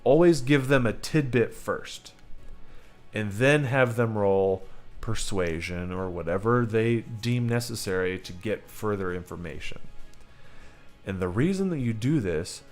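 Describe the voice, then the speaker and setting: Lively, emphatic man giving game-master advice. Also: lowish voice, a little slow, soft background music. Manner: emphatic, rambling, speaks straight to viewers. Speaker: host teaching game masters. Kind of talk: livestream tabletop game advice.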